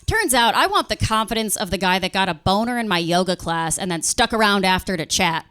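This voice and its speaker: Woman, young adult, stand-up comedian, stage storytelling, quick impressions of customers and bosses. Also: medium pitch, expressive, fairly bright tone, clear, resonant tone. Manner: acts out customers and bosses in quick quoted voices. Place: comedy stage in front of a live audience.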